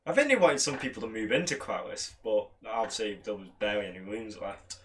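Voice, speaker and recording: Young man, bright tense voice, casual chat, laughs a lot. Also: fairly low pitch, fairly quick, a little hiss or hum. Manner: animated storytelling, laughing often. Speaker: former university student.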